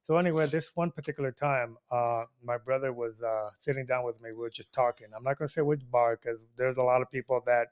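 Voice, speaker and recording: A man hosting and telling a bar story to an audience, animated and laughing often, with frequent "you know what I mean". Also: medium pitch, fast, hardly any pauses, clean tone. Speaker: storyteller host.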